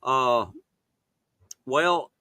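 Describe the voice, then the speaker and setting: A man from Mississippi with a Southern accent, talking as a guest on a casual live-stream interview, halting and full of fillers. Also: mid-range voice, bright, forceful tone, clear, resonant tone, no room sound, poor audio. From Mississippi, USA. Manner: halting, many fillers and restarts. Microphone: close mic.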